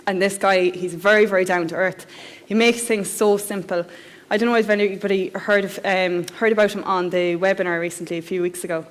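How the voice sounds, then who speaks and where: A woman's voice: medium pitch, fairly even intonation, brisk. A woman hosting a seminar, chattily and eagerly introducing the next speaker. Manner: enthusiastic, chatty. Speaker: event host introducing speaker. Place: seminar hall. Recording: long hall reverb.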